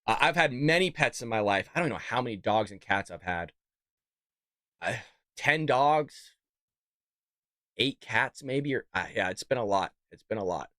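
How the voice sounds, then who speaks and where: A man's voice: medium pitch, animated, moderate pace, long pauses, pushed and bright, no echo, studio quality. A man hosting a casual political commentary show, talking in a mocking, sarcastic way and calling his listeners folks.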